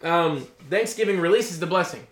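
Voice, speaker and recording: At a normal speed and in a voice that sits high, a middle-aged male pastor delivers a sermon in an echoey room. Scripture readings alternate with loose explanatory asides, peppered with "okay?" and "you know?"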